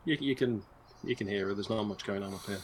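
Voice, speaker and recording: A man's voice: fairly low pitch, fast, a crowd in the background. A man running a tabletop game as game master, talking in a hesitant, dry and wordy way.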